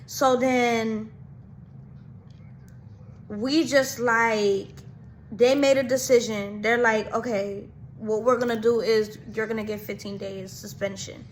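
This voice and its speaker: A young adult woman casually telling a storytime, animated and slangy, rambling quickly through events. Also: a little high, slight background noise. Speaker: vlogger.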